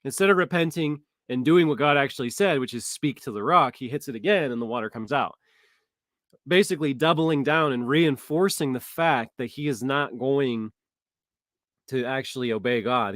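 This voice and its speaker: A man's voice: mid-range voice, no room sound, clean studio sound. A man teaching a casual Bible study, thinking aloud in a conversational way with frequent restarts.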